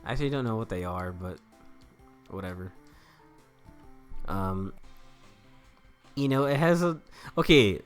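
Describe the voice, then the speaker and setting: A man's voice: fairly low pitch, lively intonation, measured pace, long pauses. A young man giving casual, joking let's-play commentary, rambling and laughing at himself. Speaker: gameplay commentator. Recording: faint game music behind.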